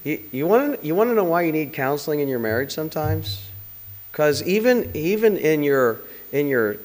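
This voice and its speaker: A man's voice: a little high, big pitch swings, normal speed, a little mellow, big-room sound. A man preaching a conversational sermon, full of rhetorical questions and direct appeals to the congregation.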